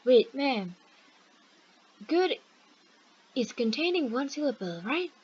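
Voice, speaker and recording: A curious young student with a puzzled, questioning lilt, put on by a woman teacher. The voice climbs a little higher than an adult speaking, and the sound is dull and lo-fi. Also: big pitch swings, takes it slowly, darkish tone, slight background noise, full character voice.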